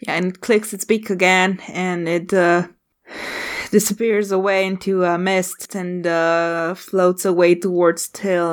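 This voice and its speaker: A woman running a tabletop game as game master, narrating in a halting way with many pauses. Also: on the low side. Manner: halting, many fillers and restarts.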